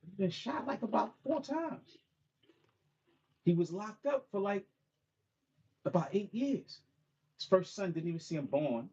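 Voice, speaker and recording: Husky-voiced man talking to a small crowd. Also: high-pitched, lively intonation, a little slow, pauses often, a little mellow, dull audio. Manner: conversational, repeats "you know what I mean". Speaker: author and mentor speaking at a book launch. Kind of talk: casual talk and a cappella spoken-word song. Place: bookstore event with a small live audience.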